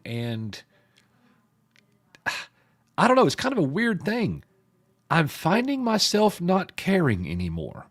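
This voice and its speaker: A man with a rough, hoarse voice hosts a casual live stream and greets his viewers one by one in a chummy way. His voice sits a little high for a man and moves up and down with lively swings. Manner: lively, chummy, reads chat names aloud.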